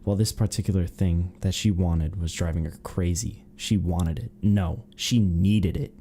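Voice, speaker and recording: Podcast co-host, man, giggly rambler, mellow low tone. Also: fairly even intonation, a little slow, a little hiss or hum. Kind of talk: casual chat, reading fanfiction aloud.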